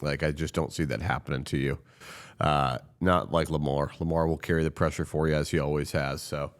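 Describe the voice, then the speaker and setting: Dude ranting about football, sarcastic and heated, kinda low voice, swears a lot. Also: male voice, normal speed. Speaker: sports commentary host. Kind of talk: opinionated sports rant.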